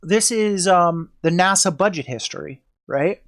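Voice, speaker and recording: Slow-talking woman streamer with a cold. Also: lowish voice. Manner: joking, profane, rambling. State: sick with a cold. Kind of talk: casual livestream chat.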